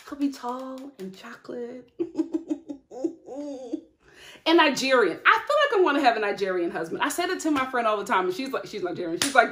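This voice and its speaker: Chatty young woman, lively pitch. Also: a little slow, pauses often. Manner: chatty, laughs often, animated asides. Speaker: TV recap vlogger. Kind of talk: casual TV episode review.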